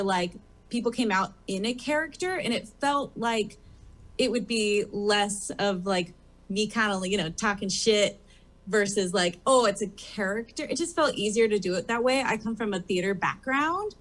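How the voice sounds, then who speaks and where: A woman guest on a talk show, chatting casually and rambling with lots of fillers. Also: mid-range voice. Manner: rambling, full of "like" and "um". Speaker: guest drag performer. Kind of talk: casual interview chat. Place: comedy theater stage.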